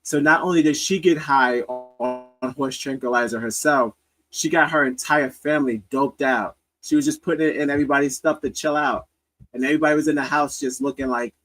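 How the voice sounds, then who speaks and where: A man's voice: medium pitch, normal speed, a bit bright, low-quality recording. A man hosting a comedy podcast, riffing loosely with laughter and profanity. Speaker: podcast host. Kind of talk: casual comedic commentary.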